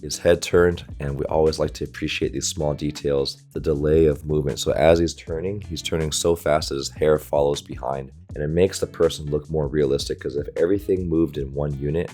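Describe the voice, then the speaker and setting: A very deep-voiced man chats casually while reacting to an anime episode. He keeps pointing out small animation details, and faint music plays behind him. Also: dark tone. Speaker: volleyball coach reacting to anime. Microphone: desktop USB microphone.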